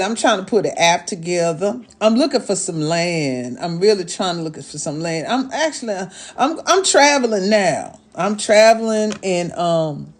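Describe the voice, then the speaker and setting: A medium-pitched woman, an astrologer, hosts a relaxed livestream in the persona of an elder mama. She calls her viewers "babies" and "y'all," scolding and teasing them in a sassy, motherly manner.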